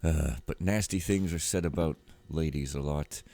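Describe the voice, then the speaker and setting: A man giving casual, rambling gameplay commentary, joking and often trailing off quietly. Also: extremely low pitch, moderate pace.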